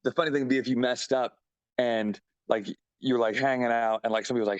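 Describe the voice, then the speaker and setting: A man's voice: medium pitch, steady tone, fast talker, no echo. Brief: laid-back male musician guest, mid voice, rambling silly bits, dry close recording. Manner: rambling, jokey, many restarts and "like"s. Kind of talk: casual interview chat.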